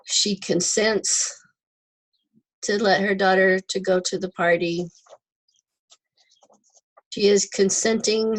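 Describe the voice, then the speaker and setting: A woman teaching an online English class, stepping slowly through word forms with example sentences. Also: on the low side, low-quality recording. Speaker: ESL teacher. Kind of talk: recorded online lesson.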